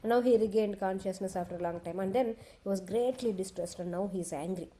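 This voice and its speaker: A woman retelling a sacred epic in a devotional discourse, talking conversationally and pausing to explain for children. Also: mid-range voice, mellow. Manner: conversational, explains to children, frequent restarts and "okay". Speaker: scripture storyteller.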